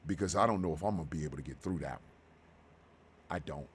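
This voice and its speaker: A man in his fifties hosting a radio show, talking slowly and with deep feeling about personal loss. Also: husky. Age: 50s. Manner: heartfelt, slow and halting, then bursts of loud excitement. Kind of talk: emotional monologue.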